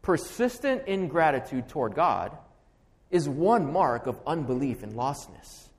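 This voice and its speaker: A man's voice: fairly high pitch, very animated, measured pace, big-room sound. A man preaching an expository sermon as pastor, emphatic and building through stacked, repeated phrases.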